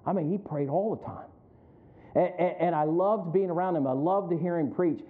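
Man, pastor, sermon, high voice, repeats lines for emphasis, narrow phone-like sound. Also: normal speed. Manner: builds from reflective to fervent, repeats for emphasis.

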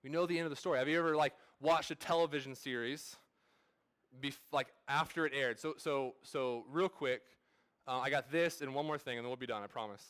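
A man's voice: mid-range voice, moderate pace, a bit bright, clear, resonant tone. A man in his thirties, a pastor, preaching a sermon at a church service in a casual, storytelling way full of fillers and restarts.

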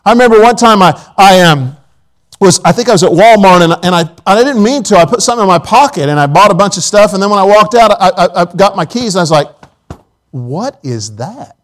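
Male preacher, high voice, folksy anecdotes, church sermon. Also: fast, rough recording. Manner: folksy storytelling with quoted asides. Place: church auditorium.

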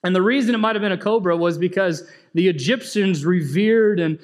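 A man with a high, light voice preaches to a congregation. His delivery is casual and chatty, full of questions to the room and quick asides. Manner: conversational preaching, asks the congregation questions, laughs. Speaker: pastor. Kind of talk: sermon.

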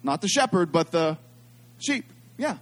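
Middle-aged male preacher with a high-pitched voice, animated and repetitive, drawing the congregation into call-and-response. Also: a little slow. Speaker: pastor. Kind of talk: sermon.

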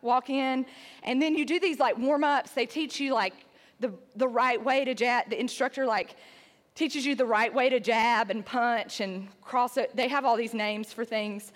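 A woman's voice: on the high side, moderate pace, big-room sound. A woman telling a self-deprecating personal story to a live audience in a chatty way, full of "like" fillers. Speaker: speaker.

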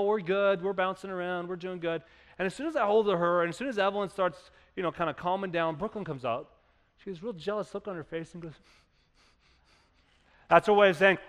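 A man in his thirties preaches a sermon in a high, light voice. He talks to the room conversationally and then builds to emphatic peaks. His voice rings out in a church hall with a long reverb. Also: fairly bright tone. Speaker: pastor.

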